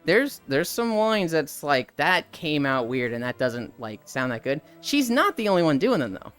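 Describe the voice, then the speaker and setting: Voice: medium pitch, sing-song, normal speed, fairly bright tone, smooth, soft background music. A streamer chatting casually on a live stream about a video game, rambling and swearing freely.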